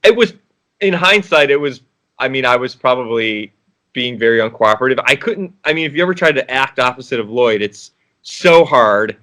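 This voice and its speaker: Man, actor guest, casual interview, bright voice, rambling, restarts, laughing. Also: mid-range voice, expressive, moderate pace.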